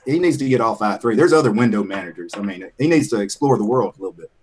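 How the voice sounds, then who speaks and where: A man in a casual online group chat, laid-back and quick to laugh. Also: fairly low pitch, lively intonation, crowd noise.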